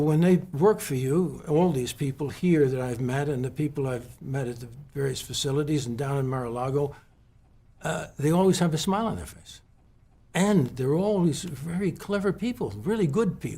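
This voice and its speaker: A man from the West Coast of the US interviewing a guest at a golf club, speaking haltingly with many restarts and fillers. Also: a little high, a little mellow, slightly rough. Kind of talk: heartfelt conversational tribute.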